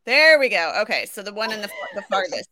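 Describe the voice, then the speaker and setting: A woman's voice: medium pitch, big pitch swings, fast talker, sharp tone, no room sound, poor audio. A woman co-hosting a podcast over a video call, chatting playfully and bubbly with a guest. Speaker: podcast co-host. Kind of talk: casual chat.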